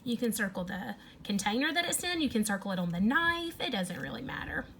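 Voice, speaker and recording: A woman teacher leading a young children's phonics lesson, stretching words in an animated, sing-song way. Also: mid-range voice, a little fast, slight background noise.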